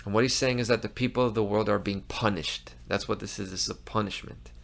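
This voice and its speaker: A man's voice: on the low side, steady tone, quick pace, gravelly, a bit bright. A man hosting a commentary show, talking in a heated, emphatic way with frequent restarts. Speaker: host. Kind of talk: impassioned commentary monologue.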